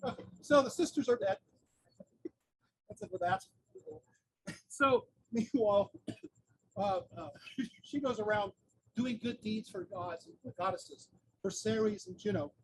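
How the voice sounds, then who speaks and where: A man's voice: high voice, animated, unhurried, creaky, pauses often, husky, low-quality recording. A man giving an outdoor lecture, retelling a myth in a chatty way with humorous asides. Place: outdoors near a busy street corner. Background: faint traffic noise.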